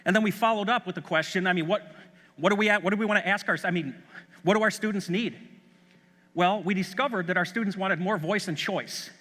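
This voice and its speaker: High, bright-voiced man in a reverberant hall. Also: brisk. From Chicago, USA. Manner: enthusiastic anecdotal storytelling. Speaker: school superintendent. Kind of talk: conference keynote talk. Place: large conference hall.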